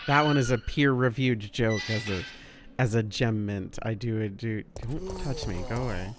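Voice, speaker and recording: A man's voice: on the low side, steady tone, normal speed, music in the background. A man streaming a video game, joking, swearing and laughing often as he comments. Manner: jokey, laughs a lot, swears, voice jumps around. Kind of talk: casual gameplay commentary.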